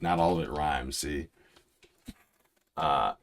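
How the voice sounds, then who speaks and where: Young male reaction host, very low voice, rambling and excitable, keeps restarting sentences. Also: unhurried. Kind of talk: casual reaction commentary.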